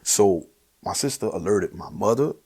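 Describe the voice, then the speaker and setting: A man with a New Orleans accent telling his personal testimony, earnest and emotional, at times sinking to a hushed near-whisper. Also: on the low side, lively intonation, moderate pace, husky. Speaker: guest sharing his testimony.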